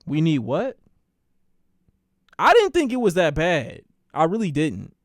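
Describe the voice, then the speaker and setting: Speaking at a measured pace in a slightly high voice, a man streams a casual storytime full of profanity and animated energy, imitating the voices of the characters involved. The sound is clean and studio-quality, with no echo.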